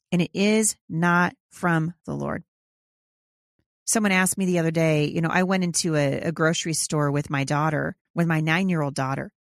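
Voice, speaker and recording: A woman's voice: lowish voice, no room sound, studio quality. A woman hosting a talk podcast, speaking emphatically and preachily with frequent fillers, then leading a prayer. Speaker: podcast host.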